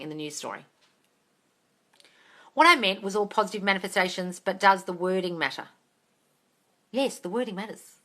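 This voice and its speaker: A woman's voice: medium pitch, pushed and bright. Sweary woman on a live stream. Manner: blunt, sweary, calls viewers darling. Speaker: manifesting coach. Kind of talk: livestream Q&A.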